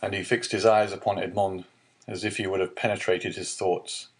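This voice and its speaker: Male audiobook narrator, lowish voice, calm measured read. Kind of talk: scripted narration.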